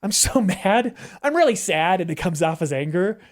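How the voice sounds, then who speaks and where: Animated, candid middle-aged man. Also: moderate pace. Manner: animated storyteller who acts out quoted voices; candid and emotional, with emphatic swings in pitch. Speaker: podcast guest. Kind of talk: conversational interview.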